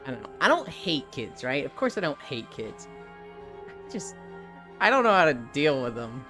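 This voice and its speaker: A woman streamer in casual, rambling live chat, candid and quick to swear. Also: a bass voice, very animated, fairly bright tone, faint music behind. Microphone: desk microphone.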